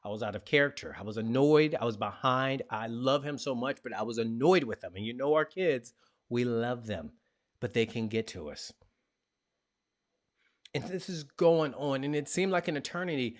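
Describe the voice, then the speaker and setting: Animated storytelling man. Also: mid-range voice, normal speed. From Richmond, Virginia, USA. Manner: animated, playful storyteller who acts out sounds. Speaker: podcast host. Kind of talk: storytelling monologue.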